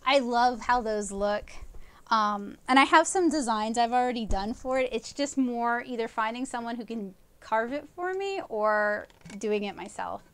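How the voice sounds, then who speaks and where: A woman's voice: fairly high pitch, a little slow, fairly bright tone, clear, resonant tone. A woman comic artist chatting enthusiastically through a live watercolor painting tutorial, rambling with fillers as she loses her voice. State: losing her voice.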